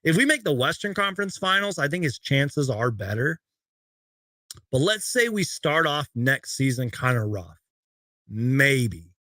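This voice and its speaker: A man's voice: medium pitch, very animated, unhurried, pushed and bright, no echo. A young man hosting a casual live Q&A stream from home, rambling chattily as he reads viewer questions. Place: home room with shelves of collectibles.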